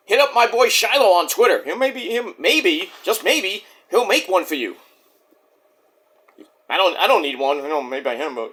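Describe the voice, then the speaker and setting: A man reviewing a wrestling show in a casual solo vlog, excitable and profane, acting out quotes in silly voices. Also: high-pitched.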